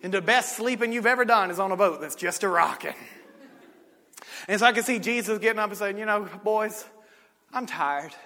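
A male pastor preaching a sermon, swinging between loud shouting and quiet, close talk. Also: sits high, brisk. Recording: long reverb of a church hall.

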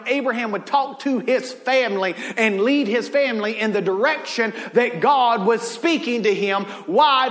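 A man's voice: very high-pitched, long reverb tail. A man preaching a sermon in a church, telling family stories and jokes with lots of laughter. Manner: animated, laughing, drawling Southern storyteller. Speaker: pastor. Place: church sanctuary.

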